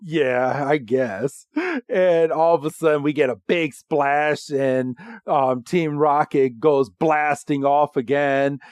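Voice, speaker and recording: A man co-hosting a podcast, casually recapping a cartoon episode in a rambling, halting way. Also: a little high, steady tone, smooth, no echo, clean studio sound. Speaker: podcast co-host.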